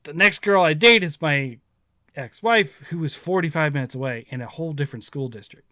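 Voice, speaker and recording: A man's voice: fairly high pitch, fairly quick, sharp tone, no room sound, clean studio sound. A man in his thirties hosting a casual chat, rambling through stories, laughing often and acting out what others said. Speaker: podcast host.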